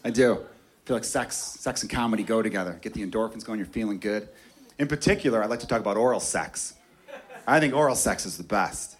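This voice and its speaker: A man doing a crude, animated stand-up set on a comedy club stage before a live audience. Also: fairly low pitch, quick pace. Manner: crude, animated, conversational delivery to a crowd. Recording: live club recording with crowd laughter.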